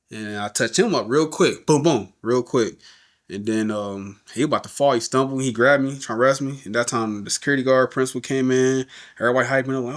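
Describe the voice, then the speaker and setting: A man's voice: medium pitch, brisk. A middle-aged man, a podcast guest, telling a story in casual talk and acting out the voices of the people he quotes. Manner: animated, acts out quoted voices.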